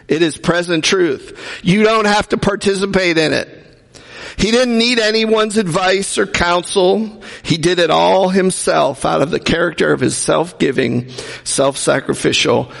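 A man's voice: high voice, creaky. A male pastor preaching a sermon in a conversational way, with jokes and acted-out quotes, in a church. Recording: hall reverb.

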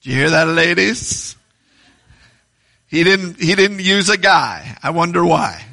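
A man preaching to his congregation, stopping to read scripture aloud and to put questions to his listeners. His voice sits high for a man, with a gravelly edge and a bright, forceful tone. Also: lively intonation, a little slow. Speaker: pastor. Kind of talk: sermon.

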